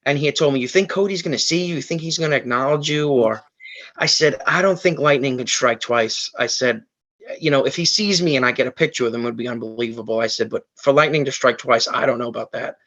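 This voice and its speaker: A man's voice: mid-range voice, fast, fairly bright tone, muffled recording. A man guest on a podcast, telling an emotional story in a rambling way, full of fillers and restarts. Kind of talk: emotional storytelling in casual chat.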